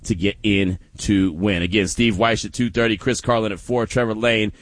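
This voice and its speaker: A man hosting a sports talk radio show, telling stories with lots of laughter and animated energy. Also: lowish voice, moderate pace, dry recording.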